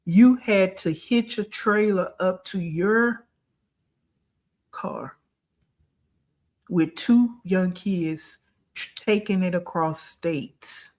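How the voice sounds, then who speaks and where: A woman hosting a reaction video, pausing the clip to deliver blunt, mocking, profane commentary. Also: lowish voice, darkish tone.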